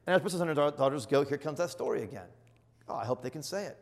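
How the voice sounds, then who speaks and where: A middle-aged man, a bishop, teaching in an earnest, emphatic sermon style that surges to loud exclamations. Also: a little high, lively intonation, fast talker, creaky. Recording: long reverb of a large hall.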